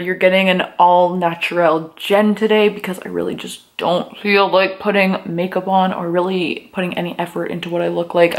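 A woman, chatting candidly to her camera in a casual vlog and saying "like" a lot. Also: fairly low pitch. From Canada. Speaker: lifestyle vlogger.

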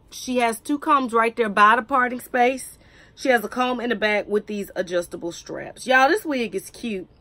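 A woman talks straight to her viewers in a wig review vlog. Her voice sits a little high, and she keeps things chatty, poking fun at herself as she goes. The sound is dry, with no room echo. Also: bright, forceful tone. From United States. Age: 30s. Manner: chatty, joking and self-teasing. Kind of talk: casual chat to camera.

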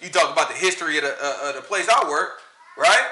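A man preaching in an animated, colloquial way, emphatic and mocking by turns. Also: a little high, quick pace, roomy sound, low-quality recording.

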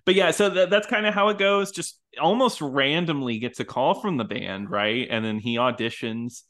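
A man's voice: mid-range voice, moderate pace, a bit bright. A man co-hosting a podcast, chatting casually about a film, often laughing between his thoughts. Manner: laughs often, lots of ums and likes. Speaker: podcast co-host. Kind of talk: casual chat about a movie.

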